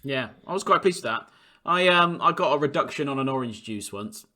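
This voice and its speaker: A man's voice: medium pitch, expressive, brisk, pushed and bright. A man co-hosting a casual podcast chat, throwing in wry, teasing asides. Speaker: podcast co-host.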